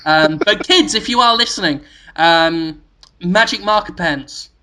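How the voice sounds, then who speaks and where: A man with a high-pitched, bright, pushed voice co-hosts a podcast at an unhurried pace. Giggly and playful, he spins silly stories full of laughter in a casual conversation.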